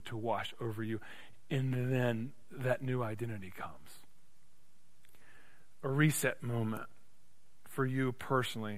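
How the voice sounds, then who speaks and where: Bright-voiced impassioned preacher in a reverberant hall. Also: male voice, mid-range voice. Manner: impassioned, swinging from loud emphatic peaks to hushed intimate passages. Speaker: pastor. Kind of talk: sermon. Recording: long reverb of a large hall.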